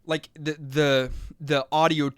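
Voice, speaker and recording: A man co-hosts a casual gaming podcast in a fairly high, smooth voice. He thinks aloud, restarting and trailing off, into a close mic in a dry room. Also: flat delivery, slow, fairly bright tone, no room sound. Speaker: podcast co-host. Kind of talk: casual chat about a retro game.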